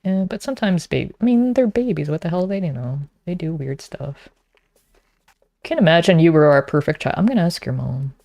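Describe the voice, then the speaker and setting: A woman's voice: on the low side, animated, fairly quick, mellow, dry recording. A woman streaming a game, chatting casually and teasing her viewers.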